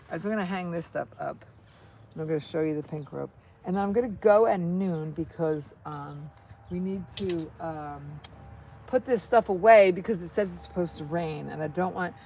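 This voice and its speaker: A woman's voice: mid-range voice, a little hiss or hum. A middle-aged American woman chatting casually to viewers while crafting, rambling, with many restarts. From United States. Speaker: vlogger.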